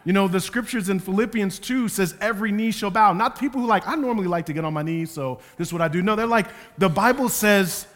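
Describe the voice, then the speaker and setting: A man preaching a sermon as a pastor, moving from quiet, slow passages to loud, emphatic ones. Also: sits high. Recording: long hall reverb.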